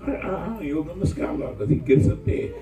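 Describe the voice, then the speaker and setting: Gravelly-voiced preacher guy, swooping up and down, echoey church room with the congregation chiming in. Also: a little high, quick pace, recorded from a distance, a loud crowd. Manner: animated preaching with call-and-response. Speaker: pastor. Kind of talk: sermon. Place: church hall. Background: congregation responding.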